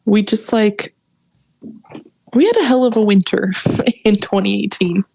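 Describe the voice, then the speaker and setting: A young woman co-hosting a podcast in relaxed, laid-back casual chat. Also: medium pitch, measured pace, creaky, a little hiss or hum. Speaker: podcast co-host.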